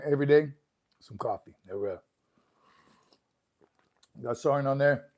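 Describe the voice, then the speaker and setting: Chatting casually on his live stream from a room at home, a man reads out comments and says hello to viewers individually. His voice is medium in pitch with a darkish tone.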